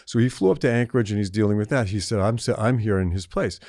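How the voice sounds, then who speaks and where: A man's voice: fairly low pitch, fast, darkish tone, no room sound, studio quality. An older man in his seventies, a podcast co-host telling a long story in casual chat, rambling with restarts and acting out the voices he quotes.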